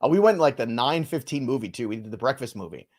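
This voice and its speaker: A man's voice: mid-range voice, lively intonation, quick pace. Jokey male fantasy baseball host. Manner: jokey, playful, teasing co-host. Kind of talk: casual live show banter.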